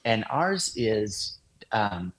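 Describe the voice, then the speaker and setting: A man, an interview guest, explaining in a relaxed casual way with lots of fillers. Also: on the low side, drawn-out words, rough recording. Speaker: guest, design agency founder.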